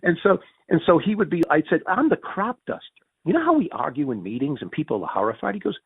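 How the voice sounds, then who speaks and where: A man with a Northern US Yankee accent telling stories as an interview guest, acting out quoted dialogue with big pitch jumps and often restarting his words. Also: big pitch swings, fast, gravelly, slightly rough, no echo. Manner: frequent restarts and repeated words. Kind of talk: storytelling in a conversational interview. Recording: tinny phone-like dry audio.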